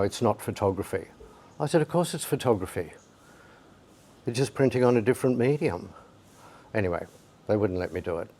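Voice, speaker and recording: A man's voice: lowish voice, darkish tone. An older man, a photographer, recounting anecdotes from his career in an interview, acting out the voices of people he quotes. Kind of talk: storytelling interview.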